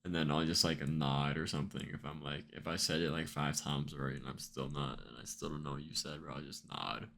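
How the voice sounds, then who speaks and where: Super deep guy with a gravelly voice, rambling chill and slow-ish on stream. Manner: relaxed, rambling, filler-heavy. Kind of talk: casual chat.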